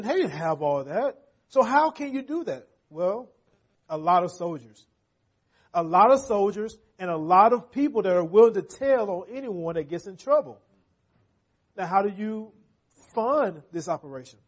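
Husky high-voiced man preaching conversationally. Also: big pitch swings, normal speed. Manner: conversational, checks in with the congregation. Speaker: pastor. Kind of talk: sermon. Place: church.

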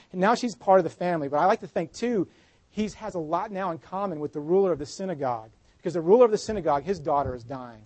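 A man preaching a sermon in an earnest way, dropping his voice softly when he speaks Jesus' words. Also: on the high side, dry recording, poor audio. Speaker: pastor.

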